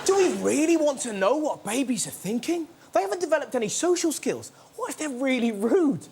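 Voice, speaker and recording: A young man hosting a topical comedy show in a studio, cheeky and loud, slipping into shouted silly voices, with an audience laughing. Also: very high voice, sing-song, fairly quick, creaky. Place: TV studio before a live audience. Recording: noisy studio with loud crowd.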